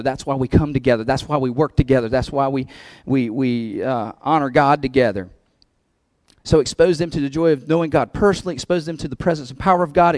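Here the pastor's sermon comes in a medium-pitched, slightly mellow voice with no echo. He chats his way through it, laughing between points before rising to emphatic peaks.

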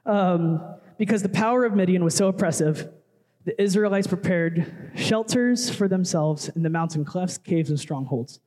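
Young guy preaching casual, lots of likes and asides, highish voice, church hall echo. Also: moderate pace, darkish tone. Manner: conversational, chatty with many fillers and asides. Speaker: worship leader preaching. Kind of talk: casual sermon.

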